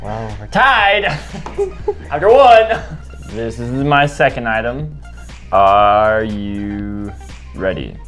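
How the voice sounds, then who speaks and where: A woman co-hosting a guessing-game challenge video, bantering casually and breaking into laughs and shouts. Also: very deep voice, very slow, long pauses, soft background music. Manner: excitable, bursts into laughter and shouts. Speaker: YouTube challenge co-host.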